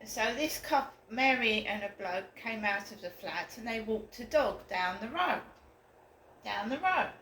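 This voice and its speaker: A woman's voice: on the high side, expressive, unhurried, a bit bright. A woman telling a long story to camera in a rambling, indignant way that gets worked up. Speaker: vlogger. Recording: roomy echo, faint room noise.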